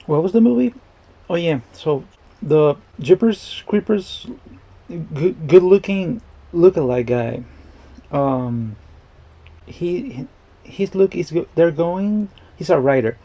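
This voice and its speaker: Gravelly, dark-voiced man riffing on a movie. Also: fairly high pitch, slow. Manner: rambling, joking, restarts often. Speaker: movie reaction vlogger. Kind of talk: casual movie commentary. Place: indoors at home.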